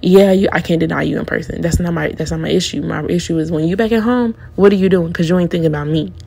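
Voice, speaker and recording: A woman in her twenties recapping a reality show in a candid, slangy way, talking straight to her viewers. Her voice sits a bit low and sounds gravelly and warm, with a husky edge. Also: fast talker. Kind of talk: casual opinionated recap.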